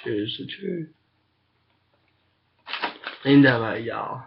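A man's voice: mid-range voice, lively intonation, takes it slowly, creaky, slight background noise. Guy cussing a lot on a lo-fi webcam, rambly casual chat. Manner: crude, profane, rambling. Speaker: webcam chatter. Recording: dull lo-fi webcam audio.

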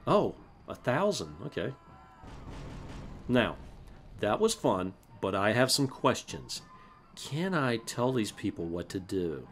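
A man from South Carolina hosting a let's play, mixing excitable yelling and laughter at the game with calm history explanations and casual swearing. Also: medium pitch, slow, vocal fry, pauses often, slight background noise. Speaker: gaming channel host.

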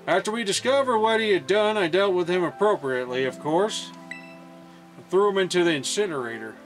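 A stiff, formal old school director, voiced by a man reading aloud. The speech comes in a slightly raised pitch and keeps a composed, official manner, with game music playing softly underneath. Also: lively intonation, normal speed. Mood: earnest. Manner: reading dialogue aloud, stumbling over words.

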